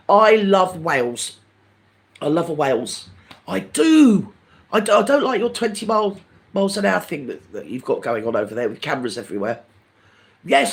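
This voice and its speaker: Calling his viewers darling, an older man runs a live stream full of camp, gossipy chat. His voice sits high and creaky, brisk in pace, and swings animatedly up and down.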